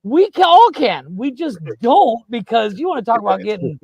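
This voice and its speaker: A man hosts a loose comedy podcast chat in a high voice that leaps around. He jokes a lot, and his sound is dry and close. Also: sing-song, gravelly, a little mellow, slightly rough, no echo, highs cut off. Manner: joking, quick to act out quotes. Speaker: podcast host. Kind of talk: casual chat.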